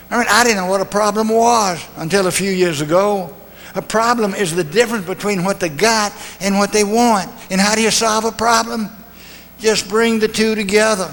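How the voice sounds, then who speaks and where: A man's voice: high voice, fairly bright tone. An older man giving a motivational talk, telling homespun stories with humor and rhetorical questions. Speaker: motivational speaker. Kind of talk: folksy speech with stories and jokes. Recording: long hall reverb.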